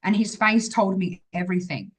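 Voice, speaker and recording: A woman's voice: medium pitch, animated, normal speed, husky, rough recording. A woman, an interview guest, telling a personal story in a chatty way, full of fillers and acted-out dialogue.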